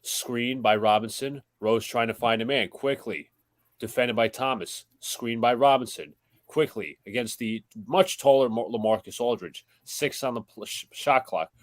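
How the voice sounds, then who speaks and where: A young man with a New York accent doing quick, matter-of-fact play-by-play on a live stream. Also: medium pitch, no echo. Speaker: play-by-play commentator.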